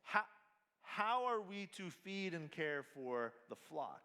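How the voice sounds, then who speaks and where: A man preaching a sermon at a family camp, slow and emphatic, mixing scripture with casual slang. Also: on the high side, big pitch swings, bright, forceful tone. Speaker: pastor. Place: large hall at a family camp. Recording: hall reverb.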